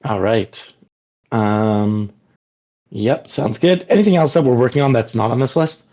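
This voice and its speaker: A man's voice: mid-range voice, unhurried, darkish tone. A man hosting a casual work meeting on a video call, talking in a rambling way full of fillers like "like". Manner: rambling, filler-heavy, frequent "like". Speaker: team meeting host. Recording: dull lo-fi call audio.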